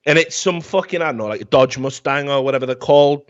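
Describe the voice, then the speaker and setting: A fast-talking man with a mid-range voice hosts a podcast talk show, ranting comically about a film in a profane, rambling, mocking way. The recording has a dull, lo-fi sound.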